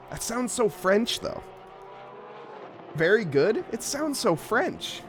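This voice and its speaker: A man's voice: high-pitched, big pitch swings, takes it slowly, pauses often, a little hiss or hum. A man commentating a live sim racing event, joking about himself and laughing often. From English-speaking. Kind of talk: live esports race commentary.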